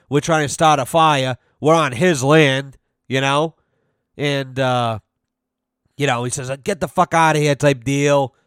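A man's voice: medium pitch, smooth, no room sound, clean studio sound. A man, hosting a podcast and telling rambling, profane stories from his youth, full of fillers. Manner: rambling, profane, heavy on "you know". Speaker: podcast host. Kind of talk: casual storytelling.

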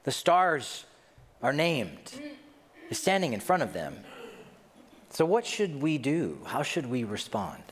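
Middle-aged male pastor, animated storyteller, reverb of a large hall. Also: medium pitch, slow pace, pauses often. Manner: animated storytelling, self-deprecating humor. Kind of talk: sermon.

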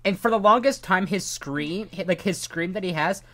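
A young woman co-hosting a casual movie podcast, talking in a blunt, animated way and swearing casually. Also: fairly low pitch, moderate pace. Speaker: podcast co-host. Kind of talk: casual movie-discussion chat.

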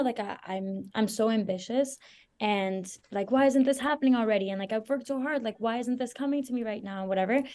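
A woman's voice: mid-range voice, dark tone. A young woman singer from Venezuela, a podcast guest giving advice in an earnest, reflective, rambling way with lots of "like". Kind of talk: casual interview chat.

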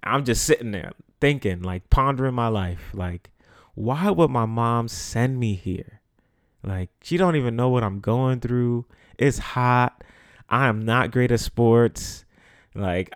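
A man's voice: medium pitch, no room sound, clean studio sound. A young adult man hosting a podcast, telling a story in a loose, slangy way and repeating phrases for emphasis. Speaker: podcast host. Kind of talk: casual storytelling.

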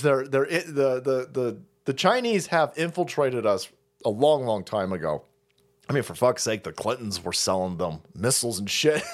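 A man hosting a livestream, ranting in a casual, profane and sarcastic way and laughing often. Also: medium pitch. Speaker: livestream host. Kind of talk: casual political rant.

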